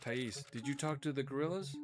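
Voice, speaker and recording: Nervous young woman captive, soft and apologetic, as a man reads her in a raised voice, game music. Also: mid-range voice, a little fast, pitched above the performer's own voice, close to an everyday voice. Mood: anxious.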